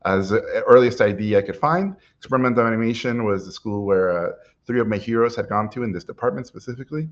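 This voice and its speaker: A middle-aged man, an animation director, telling stories from his life in an animated way, often chuckling as he talks. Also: mid-range voice, fast talker. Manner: animated storyteller, chuckles while telling anecdotes. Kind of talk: personal storytelling talk. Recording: dull lo-fi recording.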